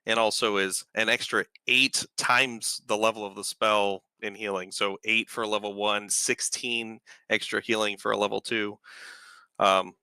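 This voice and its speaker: A man's voice: on the low side, little pitch movement, unhurried, pushed and bright, clean tone, dry recording. A man narrating as game master of a tabletop game, loose and rambling with many fillers.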